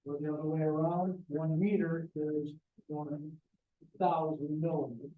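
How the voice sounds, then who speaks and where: A man's voice: fairly high pitch, steady tone, unhurried, roomy sound, far from the mic, phone-quality sound. A man teaching a math lesson to a class, joking and talking to the students directly. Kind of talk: classroom lecture.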